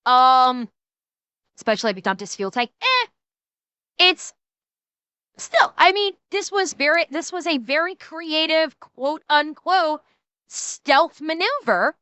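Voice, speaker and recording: A woman streamer reacting to a video, thinking aloud in casual commentary, halting with fillers and restarts. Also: sits high, very animated, sharp tone, no echo.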